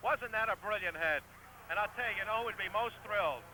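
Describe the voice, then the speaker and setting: A man calling a live soccer match play by play, who gets excitable and shouts the goals, on an old broadcast recording. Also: sits high, quick pace, a little hiss or hum, poor audio. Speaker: play-by-play commentator.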